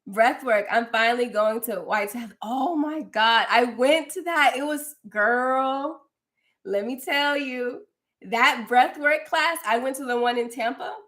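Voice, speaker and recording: Her voice sits on the high side and is a bit bright, and she talks a little slowly. This young livestream host and spiritual coach chats effusively while reading viewers' comments, calling them "girl" in a casual stream.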